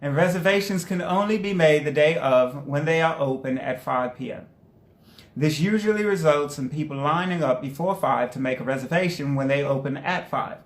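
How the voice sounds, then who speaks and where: A man co-hosting a casual podcast, reading posts aloud in a steady, playful way. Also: fairly high pitch. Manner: playful, reads steadily then jokes. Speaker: podcast co-host. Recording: roomy echo.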